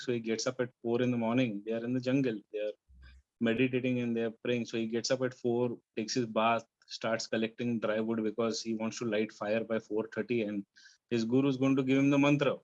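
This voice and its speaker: A man of middle pitch tells a spiritual story to a devotional gathering and voices its characters' dialogue as he goes. The sound is dull and lo-fi, like audio from an online call. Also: darkish tone. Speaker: satsang participant telling a spiritual story. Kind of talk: storytelling in a devotional group discussion.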